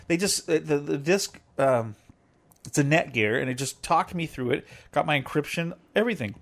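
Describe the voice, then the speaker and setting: A man's voice: on the high side, animated, moderate pace. Joking middle-aged man chatting. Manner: joking, teasing, rambling. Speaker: podcast co-host. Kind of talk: casual chat.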